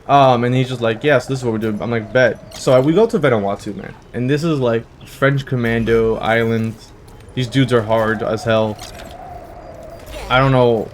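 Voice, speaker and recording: A young American man hosting a casual let's-play, telling rambling, animated stories with laughs and swearing. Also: medium pitch, slight background noise. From United States. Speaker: gaming channel host.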